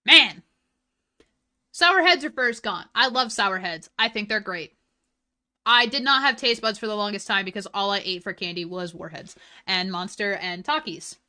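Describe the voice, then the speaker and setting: A woman streamer in casual chat, ranting with heat and swearing, swinging between loud outbursts and low mutters. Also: normal speed. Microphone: desk mic.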